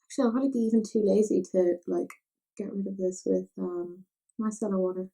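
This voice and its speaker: A woman's voice: medium pitch, fairly even intonation, quick pace, vocal fry, mellow. A young Irish woman chatting casually while doing her makeup, rambling and poking fun at herself. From Ireland. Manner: chatty, self-mocking, rambling asides. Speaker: makeup vlogger.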